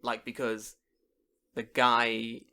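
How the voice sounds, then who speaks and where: A man's voice: mid-range voice, extremely slow, clean tone. A young man co-hosting a casual podcast, telling a story with swearing and acted-out quotes. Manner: animated storyteller, swears freely, acts out quoted voices. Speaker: podcast co-host. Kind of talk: casual chat.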